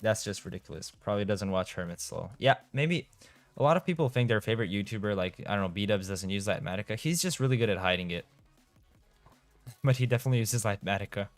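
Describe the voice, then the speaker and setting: A man's voice: lowish voice, a little fast, no echo, faint music behind. A young man from Europe, chatting casually on a game live stream, reading out and answering chat and laughing often. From Eastern Europe. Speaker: gaming streamer.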